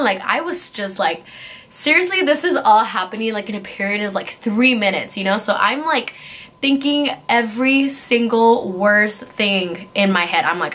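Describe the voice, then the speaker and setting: A young woman vlogger tells a storytime tale in a rushed, breathless ramble packed with fillers. Her voice is bright and forward, pitched in the middle of a woman's range. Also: expressive. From California. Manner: fast, breathless retelling with many fillers. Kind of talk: casual storytime.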